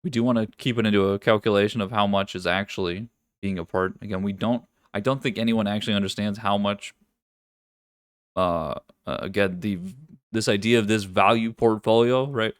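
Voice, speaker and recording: Low-voiced man hosting a trading stream. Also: fairly even intonation, brisk, clean tone, no echo, clean studio sound. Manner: casual, profane, thinks aloud with many restarts. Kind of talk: live market commentary.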